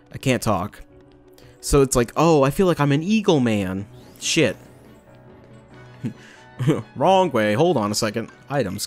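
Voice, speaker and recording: Rambling young man commenting a game. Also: medium pitch. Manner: rambling, jokey, swears, bursts into loud taunts. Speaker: gameplay commentator. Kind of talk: casual let's play commentary. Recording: faint game music behind.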